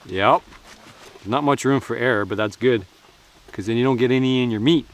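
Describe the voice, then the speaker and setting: A man's voice: medium pitch, moderate pace. A man chatting casually while cooking at an outdoor forest camp, joking and laughing often.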